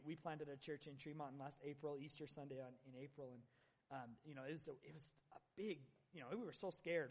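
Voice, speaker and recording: A young man from Northern Utah preaching as a guest pastor in a church, earnest and halting, often restarting his sentences. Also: on the high side. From Northern Utah, USA. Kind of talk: sermon. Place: church sanctuary. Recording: long hall reverb.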